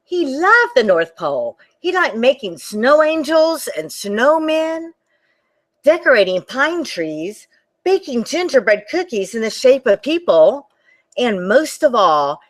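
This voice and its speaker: A woman reads a picture book aloud to children in an animated, sing-song way. Her voice sits a little high and swoops widely in pitch. She talks straight to the kids as she goes. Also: takes it slowly. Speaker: children's librarian. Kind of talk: children's storytime read-aloud.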